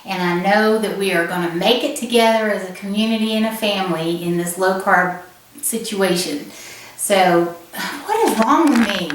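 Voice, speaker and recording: A woman's voice: mid-range voice, moderate pace. A woman with a Southern US accent hosting a casual cooking vlog in her home kitchen, chatty and laughing at her own slip-ups. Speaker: cooking channel host. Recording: echoey kitchen, camera mic from a distance, background noise.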